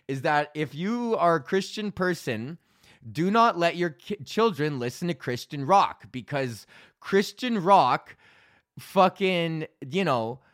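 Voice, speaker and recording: A man in his thirties rants through a casual podcast monologue, loose and profane, swinging into animated bits and laughing at his own jokes. His voice sits a touch high for a man. The sound is dry and close, with no room around it. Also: no room sound. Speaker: podcast host.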